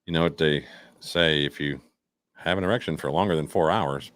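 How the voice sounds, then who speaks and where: Man with a very low voice, podcast co-host, loose jokey delivery, reads news haltingly; dry close sound. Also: a bit bright, no echo. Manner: joking, halting, stumbles over words. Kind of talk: casual chat, reading news aloud.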